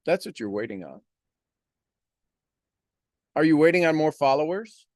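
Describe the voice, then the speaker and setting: A man's voice: on the high side, very animated, unhurried, darkish tone, dry recording, clean studio sound. A man giving a motivational monologue on a live stream, preaching with repeated rhetorical questions.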